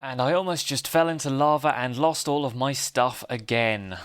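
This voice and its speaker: A man's voice: mid-range voice, normal speed, smooth. A man hosts a casual Minecraft let's play, chatting in a self-deprecating way and laughing often. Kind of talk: casual gameplay commentary.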